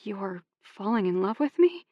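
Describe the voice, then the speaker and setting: A woman narrator voicing an upset young woman, with lines pitched high and spoken emphatically. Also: animated, a little slow, no room sound, lo-fi sound. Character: young woman, upset and hurt, quick-tempered.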